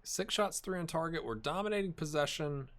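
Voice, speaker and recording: A man narrates a let's-play of a football management game, growing excited and talking to his virtual players. His voice is a little high and his delivery fairly quick.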